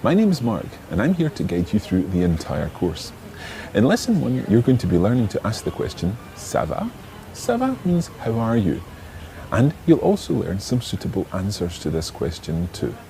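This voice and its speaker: A man hosting an audio language lesson, explaining patiently and modeling words slowly for listeners to repeat. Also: lowish voice, huge pitch swings, gravelly, warm tone. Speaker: language teacher and host.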